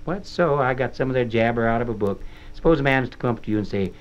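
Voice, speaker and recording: A man reads a storybook aloud in a folksy, plain-spoken rural dialect. His voice sits at an everyday middle pitch. The sound is dull and muffled, like an old vinyl spoken-word record. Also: animated, brisk. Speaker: storyteller reading as a boy narrator. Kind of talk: dramatic storybook reading.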